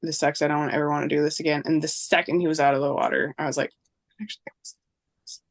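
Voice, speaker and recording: A woman's voice: low voice, level tone, very fast. A woman in her thirties, a podcast guest, recounting a personal story in casual chat, acting out dialogue with lots of fillers.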